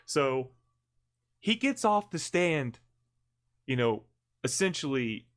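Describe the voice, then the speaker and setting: A man's voice: a little high, sing-song, slow pace. A man co-hosting a livestream, telling a long story in casual chat, rambling and blunt, with lots of restarts, self-corrections and swearing. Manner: blunt and profane. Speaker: livestream co-host. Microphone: streaming mic.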